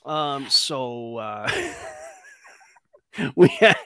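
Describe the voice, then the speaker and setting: A man hosting a trading show, talking in a relaxed, rambling way with many fillers. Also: medium pitch, very slow, clear, resonant tone, no room sound. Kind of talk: casual chat.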